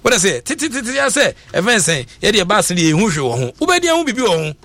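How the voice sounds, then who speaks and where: A Ghanaian man hosting a call-in radio talk show, switching quickly between languages, full of fillers. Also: high voice. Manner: animated, rapid code-switching with many fillers.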